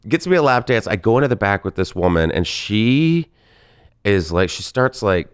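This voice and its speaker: A man telling a personal story in casual chat, animated and acting out other people's lines. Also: fairly low pitch, normal speed, clear, resonant tone. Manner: animated storyteller, acts out voices in quotes. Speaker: guest comedian.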